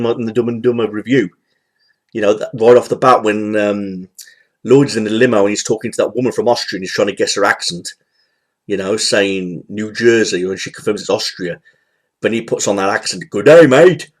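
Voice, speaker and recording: A man in his thirties giving a casual, rambling film review, full of fillers, repetition and the odd swear word. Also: mid-range voice. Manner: rambling, repeats himself, frequent fillers, occasional swearing. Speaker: movie reviewer. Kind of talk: casual spoken film rant.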